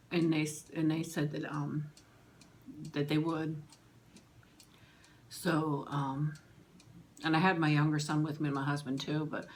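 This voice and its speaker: A middle-aged woman tells a personal story in a low, level voice with little rise and fall. She speaks haltingly, stopping and restarting as she goes. A faint ticking clock and room hum sit behind her. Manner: emotional, halting, with pauses and restarts. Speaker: vlogger.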